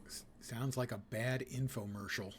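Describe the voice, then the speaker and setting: A man's voice: medium pitch, steady tone, normal speed, slight background noise. A man giving casual, joking commentary while playing a video game on a live stream. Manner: wry, joking asides.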